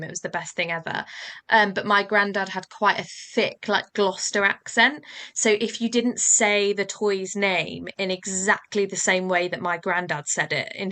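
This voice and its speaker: A woman's voice: fairly low pitch, bright, forceful tone. A woman hosting a casual podcast conversation who tells chatty anecdotes and briefly acts out voices in her stories. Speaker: podcast host.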